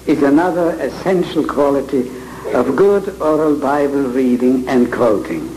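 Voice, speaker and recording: A man with a head cold teaching Bible reading to a live audience, speaking with slow, theatrical emphasis. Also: medium pitch, animated, a little mellow, a little hiss or hum. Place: large hall with audience. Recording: echoey hall with audience ambience.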